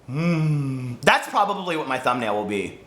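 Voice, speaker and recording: A man's voice: mid-range voice, sing-song, unhurried, fairly bright tone, reverberant. A man chatting casually to camera as a book vlogger, rambling and jumping between topics.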